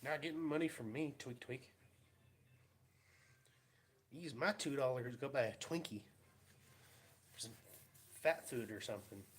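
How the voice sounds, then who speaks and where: A vlogger from the US Pacific Northwest chats casually, telling wry, rambling stories about his day and putting on mocking voices. His mid-range voice is unhurried, with frequent pauses.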